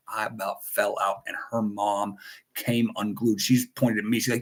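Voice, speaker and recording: A man's voice: on the low side, little pitch movement, normal speed. An American man hosting a casual livestream chat, rambling and joking as he greets viewers by name. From United States. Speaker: host.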